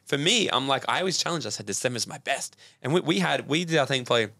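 Fast-talking gravelly man. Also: medium pitch, dry recording, studio quality. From Australia. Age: 20s. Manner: energetic, animated storytelling with acted-out voices. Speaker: guest, personal development coach. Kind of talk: casual podcast interview.

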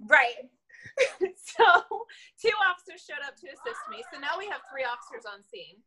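A woman police officer telling a story in casual chat, animated, laughing often and acting out what people said. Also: high voice, moderate pace.

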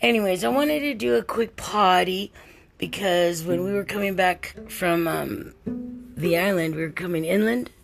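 A gravelly, low-voiced older woman talks straight to her listeners in a loose, rambling podcast monologue. She sounds tired and worn out and wanders through her story in an easy, chatty way, with a little music faintly underneath. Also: normal speed. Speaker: podcast host.

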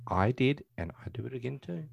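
A man's voice: mid-range voice, lively intonation, a little fast, creaky, breathy edge, dull audio. A man podcast host chiming in and joking during a casual movie recap. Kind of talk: casual film recap chat.

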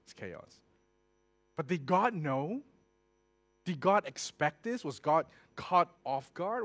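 A man preaching a sermon, telling stories with animated swings from loud to hushed. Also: a little high. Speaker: pastor.

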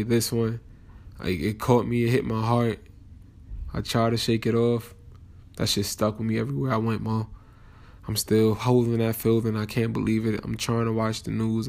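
A young man hosting his own podcast, talking haltingly and full of emotion through his grief, with lots of fillers. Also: lowish voice, darkish tone. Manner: halting, many fillers, heartfelt. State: grieving, emotional. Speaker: podcast host. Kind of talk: emotional solo podcast monologue.

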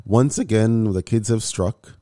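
A man hosting a casual podcast, hoarse from a cold, with a voice that keeps cracking and a loose, joking manner. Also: on the low side, unhurried, warm tone, no echo, studio quality. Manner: voice cracks upward unpredictably. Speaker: podcast host.

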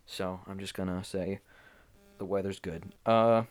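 A very low-voiced young man rambles through his own podcast, unscripted, drifting from topic to topic with plenty of fillers. He sounds groggy, like he just woke up, and is talking in a small room piled with blankets and pillows. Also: fairly even intonation, a little slow. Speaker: podcast host. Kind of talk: casual rambling solo podcast.

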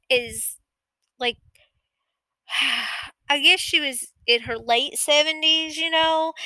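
A woman's voice: high-pitched, pushed and bright, dry recording, poor audio. A woman telling a true personal story in a casual, rambling way, often stopping to correct herself and swearing freely.

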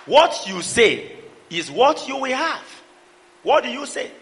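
A middle-aged man preaching a sermon, calling out to the congregation and shouting for emphasis. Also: very high voice, very animated, measured pace. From Nigeria. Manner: preaching with call-and-response, breaking into song and shouts. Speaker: pastor. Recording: long hall reverb.

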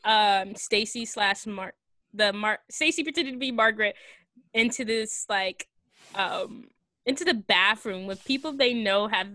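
A woman casually recapping a film plot in a chatty, rambling way, full of fillers and quick giggles. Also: mid-range voice, bright, forceful tone, dry recording. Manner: rambling, giggly retelling with many fillers and acted quotes. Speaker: podcast co-host recapping a film. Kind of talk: casual chat.

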